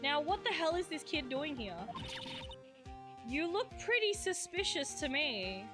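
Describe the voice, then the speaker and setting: Young female streamer with a high voice, giggly and flustered while reading game text aloud; faint music underneath. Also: sing-song, measured pace. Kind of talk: live game stream commentary.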